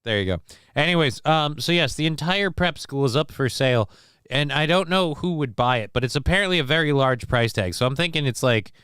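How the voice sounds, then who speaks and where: Guy hosting a stream, smooth clear voice, dry close sound, swears a lot and rambles. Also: fairly high pitch, animated, fairly bright tone, no room sound. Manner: profane, rambling, halting with fillers. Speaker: livestream show host. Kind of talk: casual rambling commentary.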